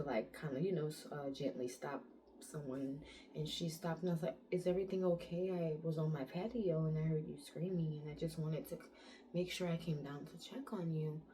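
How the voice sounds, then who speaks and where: Vlogger woman, low mellow voice, animated storytime delivery, faint hiss behind. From United States. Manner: animated retelling, acts out quotes, frequent "like" fillers. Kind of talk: casual storytime vlog.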